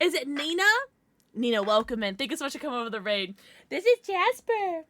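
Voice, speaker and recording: A woman livestreaming a game from home, chatting excitedly with her viewers and cooing at her pets. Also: a little high, fast talker, no room sound. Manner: bubbly and excitable, greets chat; talks baby talk to her pets. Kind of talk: casual livestream chat while gaming.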